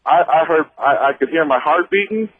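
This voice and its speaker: A man from Missouri calls a talk radio show over a tinny phone line, his voice pitched a little high. He tells his story haltingly, stumbling into restarts and fillers, close to the mouthpiece with no room sound. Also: slightly rough, dry recording. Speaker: radio caller. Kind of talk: telling a personal story on a call-in show.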